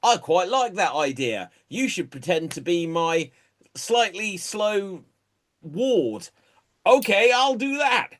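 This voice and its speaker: A man playing a smug, cheeky con man in a high, chirpy improv voice over a video call. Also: sing-song, takes it slowly, a bit bright, full character voice. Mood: gleeful.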